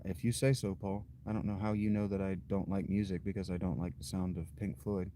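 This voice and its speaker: A man hosting a livestream, chatting casually with viewers' comments in an unhurried, blunt way, thinking aloud with fillers and restarts. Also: sits low, level tone, dark tone, a little hiss or hum. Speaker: livestream host.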